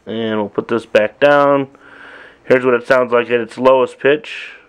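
A middle-aged man casually walking through his old drum machine sounds, talking in a relaxed, halting way with frequent pauses. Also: medium pitch, smooth. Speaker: drummer demonstrating gear. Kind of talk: casual demo walkthrough.

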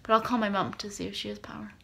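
A woman's voice: medium pitch, level tone, racing, vocal fry, sharp tone, a little hiss or hum. Woman, casual home vlog, rambling chatter, fillers and giggles. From Canada. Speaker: vlogger. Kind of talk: casual chat to camera. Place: home, indoors.

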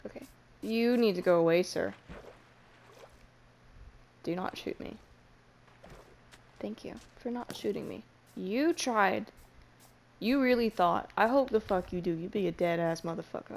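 A woman's voice: medium pitch, sing-song, normal speed, creaky, long pauses, a little mellow, slight background noise. Frantic self-mocking young woman gamer. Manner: panicky, self-mocking, swears freely. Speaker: Minecraft let's player. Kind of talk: casual gameplay commentary.

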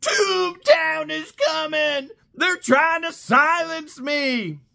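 A frantic grown man pleading "your honor" in a high, cracking wail, as a man mocks him. His voice is pushed far up and strained to the point of crying out, swinging wildly as he begs. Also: animated, drawn-out words, vocal fry, pushed and bright, heavily acted. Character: whiny panicked grown man pleading with a judge.

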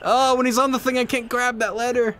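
A man co-hosting a gaming show, excitable and cursing freely as he plays. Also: extremely high pitch, brisk. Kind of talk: casual gaming banter.

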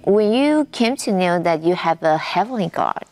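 A woman interviewer asking gentle probing questions. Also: on the low side, animated, moderate pace.

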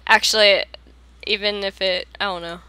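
A woman with a Philadelphia accent chatting casually while playing a game, playful and quick to laugh. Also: mid-range voice, sharp tone, clean tone. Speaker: gamer. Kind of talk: casual gameplay chat.

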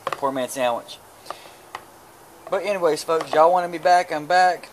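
A man's voice: on the high side, unhurried, a little hiss or hum. A man chatting casually while cooking outdoors at a grill, crude and joking, stumbling over his words. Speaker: cooking vlogger. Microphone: camera mic.

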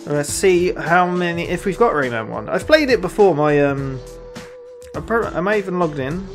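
A gaming channel host giving let's play commentary, excitable, laughing often and talking to themselves. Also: mid-range voice, normal speed. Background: game music.

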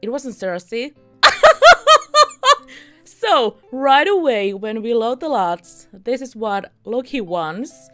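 Lively chatty woman streamer. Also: on the high side, slow pace, faint music behind. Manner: chatty and upbeat, chuckles often. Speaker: let's play streamer. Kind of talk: casual gameplay commentary.

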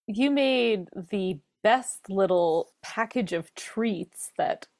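A woman's voice: medium pitch, animated, extremely slow, darkish tone. A woman co-hosting a cooking podcast, mostly listening with short replies and laughs. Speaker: podcast co-host. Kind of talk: casual cooking chat.

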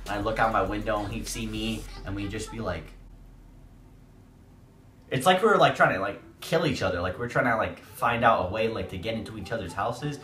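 Lively young man telling a story. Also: mid-range voice. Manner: animated, acts out voices, jokey asides. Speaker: YouTuber. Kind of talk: casual storytime. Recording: echoey room, music behind.

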